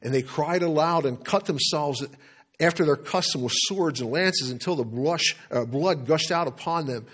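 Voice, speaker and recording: A man preaching a sermon in an animated storytelling manner. He repeats words and chuckles as he speaks. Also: fairly high pitch, normal speed. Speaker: pastor.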